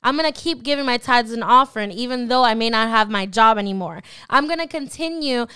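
A young adult woman hosting a podcast, talking casually about faith and acting out imagined thoughts in quick quoted asides. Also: on the high side, pushed and bright, clean tone. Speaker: podcast host.

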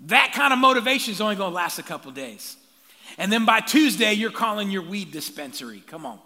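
A male pastor preaching a sermon with energy, calling out to the congregation for answers and building to shouts. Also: sits high, fairly quick. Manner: energetic call-and-response preaching, rising to shouts. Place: church sanctuary. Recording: long reverb of a large church hall.

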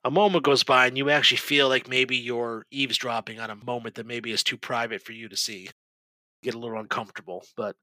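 A man as game master, narrating a tabletop game scene with vivid, steady description. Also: medium pitch, no room sound, rough recording.

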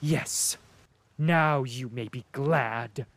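A man reading an audiobook who voices a spiteful noblewoman, raising his voice high into shrill, hissing outbursts. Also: extremely slow, gravelly, a bit bright, no room sound, full character voice. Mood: bitter. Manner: shrieking, hissing, venomous.

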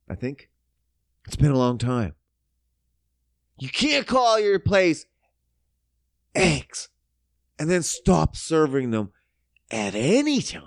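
A man delivers a profane, sarcastic rant straight to the camera. His voice sits high and swings widely, dropping to grumbling mutters and then leaping into outbursts. The sound is dry and close, with no room echo. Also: very animated, takes it slowly, long pauses.

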